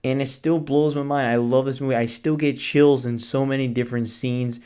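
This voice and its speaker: Male vlogger, mid-pitched, excitable, casual chatter full of fillers, drops the occasional swear. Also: smooth. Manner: gushing, enthusiastic, talks fast with filler words. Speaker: movie reviewer. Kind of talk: casual movie review vlog.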